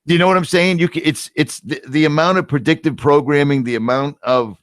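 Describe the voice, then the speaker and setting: A man's voice: fairly high pitch, a little fast, dry recording, clean studio sound. An American man hosting a live online talk, speaking in emphatic bursts. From United States. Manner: animated, emphatic, talks in bursts. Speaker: host. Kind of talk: casual chat.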